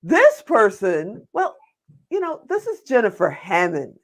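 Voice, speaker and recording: A woman's voice: medium pitch, big pitch swings, measured pace. Female host, effusive and gushing, casual interview chat.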